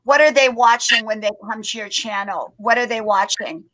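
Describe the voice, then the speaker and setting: A woman's voice: a little high, moderate pace, background noise. A woman in her fifties chatting on a live stream, curious and full of questions. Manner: curious, asks lots of questions. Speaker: stream guest. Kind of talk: casual chat.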